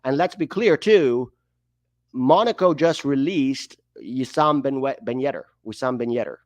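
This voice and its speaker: A man's voice: medium pitch, measured pace, dry recording. A man hosting a livestream, giving emphatic, opinionated sports commentary and often tossing in rhetorical questions. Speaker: host of a soccer livestream.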